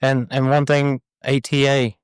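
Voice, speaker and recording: A man's voice: medium pitch, level tone, measured pace, smooth, no echo. A man with a Southern US accent co-hosting a podcast, chatting casually with short friendly reactions. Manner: brief friendly interjections, conversational. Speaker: podcast co-host.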